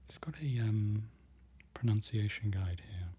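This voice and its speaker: Man, soft-spoken ASMR whisper, slow careful repetition, self-correcting learner, low warm tone. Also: animated, breathy edge. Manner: slow, careful repeating of foreign phrases. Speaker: ASMR creator learning a language.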